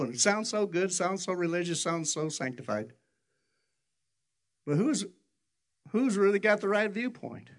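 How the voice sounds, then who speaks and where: An older man preaching a sermon, telling stories in an animated way and jumping high for quoted voices. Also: measured pace, pauses often. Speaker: pastor.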